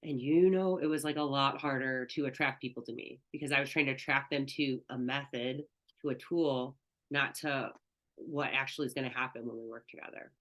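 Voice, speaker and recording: A woman's voice: extremely low pitch, steady tone, a little fast, a bit bright. A woman spiritual coach teaching an online class, talking in an earnest, candid, conversational way.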